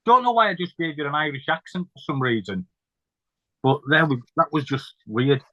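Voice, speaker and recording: A man's voice: a little high, moderate pace, bright, forceful tone, no echo, lo-fi sound. A man hosting a casual chat, chatty and jokey. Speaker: podcast host.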